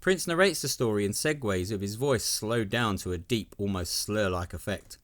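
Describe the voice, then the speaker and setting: A man reads a scripted narration for a video essay, his voice sitting a little low. He sounds enthusiastic, with a wry tone running through his commentary. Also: animated, normal speed, a bit bright.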